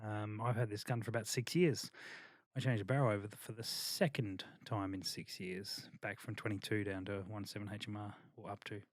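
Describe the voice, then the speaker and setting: A man's voice: lowish voice, steady tone, a little fast, no room sound, studio quality. Chatty man hosting a podcast. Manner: chatty, laughs often, many fillers. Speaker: podcast host. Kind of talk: casual chat.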